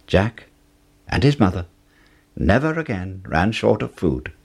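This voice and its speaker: A man reading a fairy tale aloud slowly and expressively, with voices for the characters. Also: on the low side, very animated, vocal fry, darkish tone, slightly rough. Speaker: storyteller.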